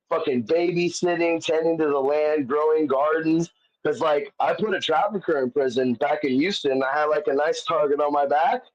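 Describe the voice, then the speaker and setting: A man, a comedian guest, telling stories in casual chat, swearing often and rambling with many fillers. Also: on the high side. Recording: dull lo-fi audio.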